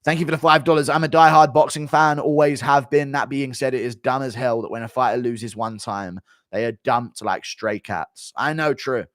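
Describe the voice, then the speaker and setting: A man's voice: medium pitch, fairly even intonation, moderate pace, a bit bright, no echo, studio quality. A man hosting a live stream, reading viewer donations and giving blunt, rambling fight commentary full of swearing.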